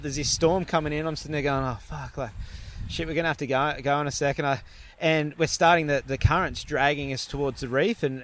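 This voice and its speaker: A young man telling a story in a casual, animated way, swearing and laughing as he goes. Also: a little high.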